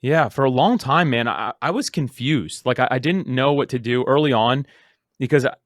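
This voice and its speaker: A man's voice: mid-range voice, no room sound, studio quality. A man in his thirties, a podcast guest, telling his story casually with lots of "like" and repeated words. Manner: rapid, full of "like" and repeated words.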